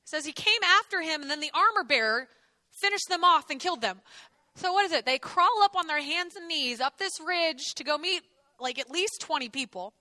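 High, bright woman teaching the Bible. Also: brisk, no room sound. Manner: lively, jokey, acts out the characters.

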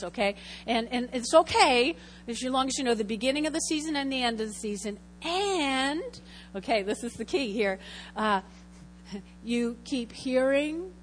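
A woman pastor preaching a sermon, lively and chatty, calling out to her congregation for answers. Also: on the high side. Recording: hall reverb, faint hum.

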